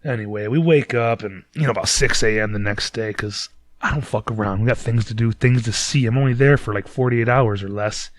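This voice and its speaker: A podcast host from Detroit tells a loose, rambling story, swearing freely. His voice is middle-pitched and ordinary. The room sound is very dry and close. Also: brisk, no echo. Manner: profane, rambling, laid-back. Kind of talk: casual storytelling monologue.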